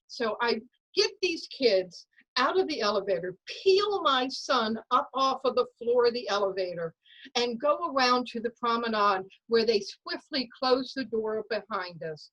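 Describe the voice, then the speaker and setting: Lively woman storyteller, slightly high voice. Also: moderate pace, poor audio. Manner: lively, dramatic storytelling that acts out voices and sounds. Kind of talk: personal story told at a story slam. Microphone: video call.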